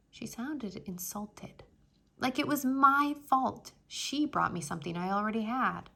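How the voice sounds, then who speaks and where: Bright, lively woman reading aloud. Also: medium pitch, a little slow, gravelly, slightly rough. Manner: expressive, storytelling. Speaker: children's book reader. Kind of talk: children's book read-aloud.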